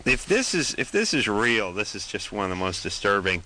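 A man's voice: lowish voice, big pitch swings, normal speed, bright, forceful tone. A man hosting a call-in radio show, blunt and wisecracking with callers.

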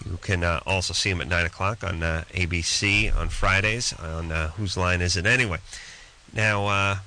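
A man's voice: low voice, steady tone, normal speed, sharp tone. A man hosting a late-night call-in radio show, sardonic and rambling as he jokes. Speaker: radio host.

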